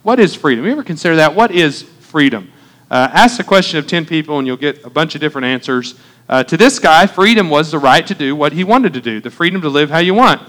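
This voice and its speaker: A man's voice: on the high side, lively intonation, quick pace, a bit bright. Chatty joking man preaching a sermon. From Oklahoma. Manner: conversational, joking asides, many fillers and restarts. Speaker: pastor.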